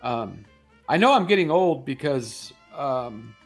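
A man's voice: mid-range voice, sing-song, slow pace, soft background music. A middle-aged man co-hosting a morning show, telling rambling comic stories, laughing often and acting out voices. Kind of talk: casual comedic chat.

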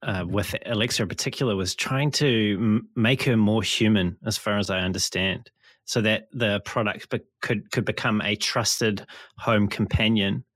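Low-voiced New interviewer. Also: male voice, a bit bright, dry recording. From New Zealand. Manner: measured, thoughtful questions. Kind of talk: casual interview.

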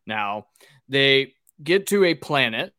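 A man hosting a laid-back podcast, working through a movie's plot in a loose, meandering way and peppering it with cursing. His voice sits at an ordinary middle pitch. The sound is close and dry, with no room echo. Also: animated, takes it slowly, bright, forceful tone, smooth. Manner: loose, rambling plot recap with swearing and fillers. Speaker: podcast host recapping a film. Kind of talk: casual podcast chat.

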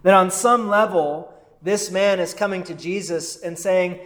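A man's voice: high voice, steady tone, unhurried, few pauses, a bit bright. A man preaching a sermon as a pastor. He talks in a conversational way, often checks in with "right?", and briefly voices the people he is quoting. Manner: quotes and voices figures from the text.

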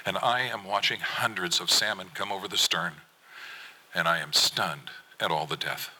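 A middle-aged fisherman poet giving an earnest, measured spoken-word reading of his own poem. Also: sits low, bright, forceful tone, slightly rough, low-quality recording. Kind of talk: performed poetry reading.

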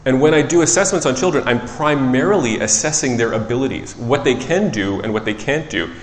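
Man, preacher, conversational storytelling, self-correcting, medium pitch, echoey church hall. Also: expressive, brisk. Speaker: preacher and child psychologist. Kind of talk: sermon. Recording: echoey hall with long reverb.

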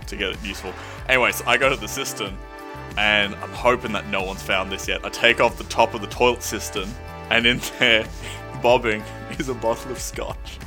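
Low-voiced man telling a halting story. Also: gravelly. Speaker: player. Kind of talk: tabletop game storytelling.

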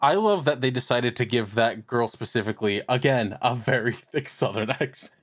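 A man's voice: medium pitch, normal speed, no echo. Young man joking crudely, dry sound. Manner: crude, joking, swears a lot. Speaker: podcast co-host. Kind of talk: casual chat.

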